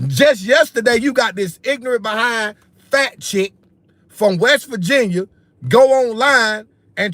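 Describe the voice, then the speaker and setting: High-pitched and fairly bright, this political commentary channel host's voice comes through without echo. On his livestream he rants with heat, says things over and over, and constantly calls his audience "bro" and "man."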